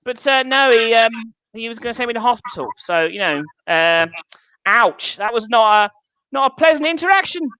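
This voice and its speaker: A man's voice: very high-pitched, lively intonation, moderate pace, bright, forceful tone, clean tone, rough recording. A young English man doing a self-mocking stand-up set online, acting out little voices in his stories. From England. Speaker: stand-up comedian.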